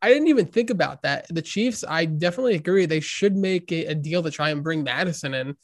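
A man's voice: a little high, animated, a little fast, no room sound, clean studio sound. A man co-hosting a sports podcast, giving fantasy football takes in a hesitant, filler-heavy way. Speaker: podcast co-host. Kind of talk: casual sports chat.

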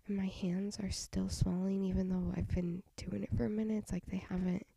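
A woman's voice: mid-range voice, little pitch movement, brisk, gravelly, mellow, husky, dry recording. A young woman hosting a solo podcast, tired and half-whispering as she rambles frankly through her thoughts with little sighs and laughs. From United States. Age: young adult. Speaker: podcast host. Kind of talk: casual solo podcast chat.

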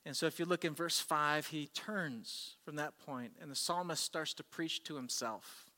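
A man's voice: a little high, moderate pace, bright, forceful tone. A man preaching a sermon as pastor, earnest and conversational. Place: church service. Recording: long hall reverb.

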